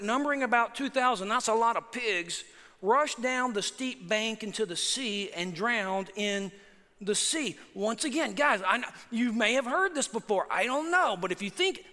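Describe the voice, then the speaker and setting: Male pastor, sermon delivery, high and forceful, emphatic with rhetorical asides, long hall reverb.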